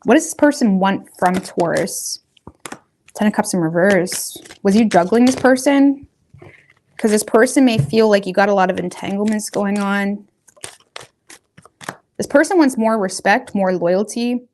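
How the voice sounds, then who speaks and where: A woman's voice: medium pitch, unhurried, long pauses, darkish tone, slight background noise. A woman giving a casual tarot reading, talking straight to her viewers in a loose, rambling, colloquial way. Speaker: tarot reader.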